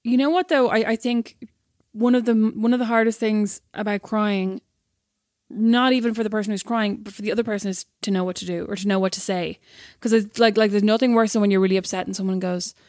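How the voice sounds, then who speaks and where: A woman in a brisk, playful podcast chat who talks fast and drops in teasing remarks. Her voice has a mid-range pitch. It is recorded close and dry. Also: fairly even intonation, darkish tone, no room sound. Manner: teasing, quick interjections. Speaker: podcast co-host. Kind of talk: casual chat.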